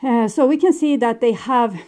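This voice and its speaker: A woman reads tarot cards aloud in a loose, meandering monologue. She hesitates often and corrects herself as she goes. Her voice is somewhat high but soft and mellow. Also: moderate pace. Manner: meandering, hesitant, many fillers and self-corrections. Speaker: tarot reader.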